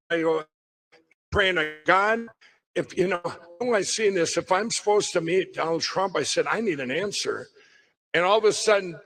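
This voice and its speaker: A middle-aged man with a fairly high voice tells a personal story to a crowd. He rambles, breaks off and restarts his sentences, and keeps circling back to the point. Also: fairly bright tone, low-quality recording. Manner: rambling, self-interrupting storyteller. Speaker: guest speaker at a summit. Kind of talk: storytelling talk on stage.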